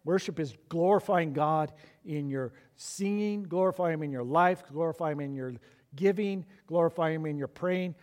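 Man preaching in a church, fairly high voice, emphatic, repeats lines for stress. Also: normal speed, a little mellow. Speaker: pastor. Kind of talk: sermon.

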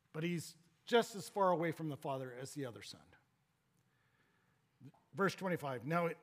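Emphatic preaching man. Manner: rising to emphatic exhortation, dropping low for quiet points. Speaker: pastor. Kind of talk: sermon.

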